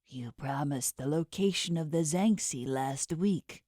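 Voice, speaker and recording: A woman's voice: sits low, unhurried, dark tone, dry recording, studio quality, pitched below the performer's own voice. A woman voicing a menacing inhuman male boss with shark teeth, talking down coldly and threateningly in an audiobook. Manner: cold, threatening, condescending. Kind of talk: audiobook character voice.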